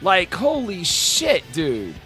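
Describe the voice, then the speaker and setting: A man with a bright, forceful voice sitting a little above the usual male pitch talks to his stream chat, swearing freely and shouting with excitement. He drops to quieter, heartfelt asides between whoops, and faint music plays behind him in his home streaming room. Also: slow. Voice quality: loud, profane, hyped-up delivery. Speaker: live-streamer reacting to game announcements.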